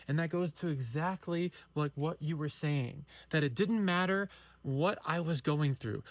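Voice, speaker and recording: A woman sharing a painful personal story in an earnest, halting way, often restarting her sentences. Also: sits low, no echo. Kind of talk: emotional personal testimony.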